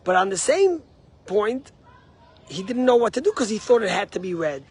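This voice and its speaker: High-voiced earnest rabbi preaching. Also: male voice, sing-song, normal speed, husky. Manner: emphatic and rising at the start, then quiet and earnest. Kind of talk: short sermon with a story.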